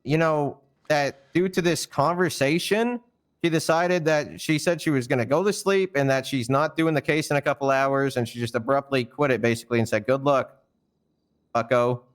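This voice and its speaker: A man's voice: a little high, fairly quick, clear, resonant tone. Fired-up, stammering man ranting. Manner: rambling and stammering, with frequent swearing; fired-up and indignant. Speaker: roleplayer explaining a firing. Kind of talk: heated storytelling in a roleplay stream.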